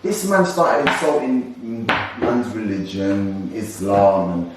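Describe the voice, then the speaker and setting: A young man, co-hosting a casual discussion podcast in an animated, ranting way with frequent laughs. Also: on the low side, slow, far from the mic, noisy background. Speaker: co-host. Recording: echoey room, voice away from mic.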